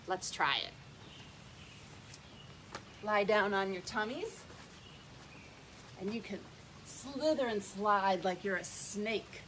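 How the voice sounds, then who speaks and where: A woman's voice: medium pitch, expressive, takes it slowly, long pauses, fairly bright tone, a little hiss or hum. A woman leading a playful yoga lesson for young children, speaking in a sing-song way. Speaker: early childhood educator leading kids' yoga.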